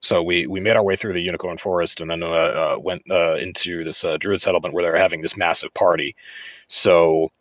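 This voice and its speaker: A man's voice: deep voice, steady tone, a little fast, a bit bright, no room sound. A man co-hosting a podcast in casual chat, rambling with lots of fillers. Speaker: podcast co-host.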